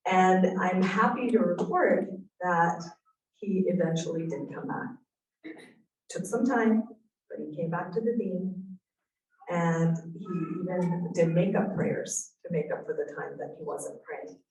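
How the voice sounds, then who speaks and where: Female speaker, low-ish register, sincere storytelling tone, off-mic in a roomy space. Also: unhurried, a little mellow. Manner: earnest, reflective, storytelling. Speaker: speaker at a parenting talk. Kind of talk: inspirational talk. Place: event room. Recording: echoey room, voice from a distance.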